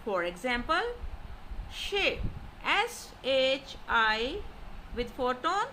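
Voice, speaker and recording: A woman teaches a language lesson in a slow, deliberate way, pausing to sound out example syllables with exaggerated tones. Her voice sits high and bright, and she keeps her pace unhurried. Faint noise hums behind her. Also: sing-song. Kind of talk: slow explanatory lesson narration.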